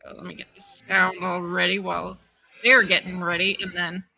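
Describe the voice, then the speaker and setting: A woman's voice: lowish voice, little pitch movement, normal speed, vocal fry, highs cut off. A woman hosting a live stream, chatting casually and greeting her viewers by name. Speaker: livestream host.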